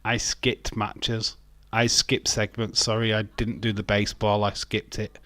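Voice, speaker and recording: A man's voice: on the low side, flat delivery, a little slow, a bit bright, dry recording. A man casually commentating a wrestling watch-along, rambling, joking and reading out chat messages. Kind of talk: casual live-stream commentary.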